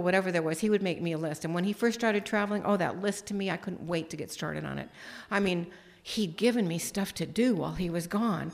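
A woman's voice: fairly low pitch, a little fast. A middle-aged woman giving a sermon, telling a personal story in a conversational way and acting out the dialogue. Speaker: speaker.

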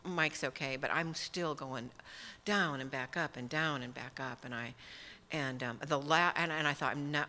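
A woman telling a lively personal story in a sermon, with self-mocking humor and many small fillers. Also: deep voice, long reverb tail. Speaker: speaker teaching from the Bible.

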